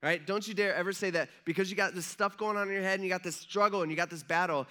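Pastor guy preaching, chatty and jokey, fairly high voice, keeps asking the crowd stuff. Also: steady tone, fast, sharp tone. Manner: conversational, joking, asks the audience questions. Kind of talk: sermon. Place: church.

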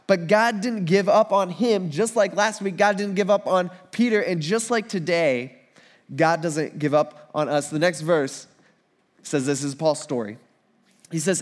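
High-voiced casual preacher. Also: male voice, measured pace. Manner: casual, animated, conversational preaching. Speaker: pastor. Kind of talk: sermon.

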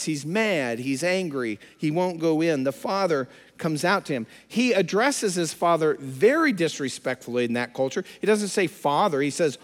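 A man's voice: a little high, very animated, moderate pace. A man preaching a sermon who acts out the characters of the story he tells. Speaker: pastor. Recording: long hall reverb.

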